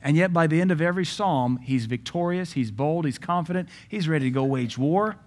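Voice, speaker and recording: A middle-aged man, a pastor preaching a sermon in a lively way, acting out quoted voices and adding joking asides. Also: a little high, brisk. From Southern US.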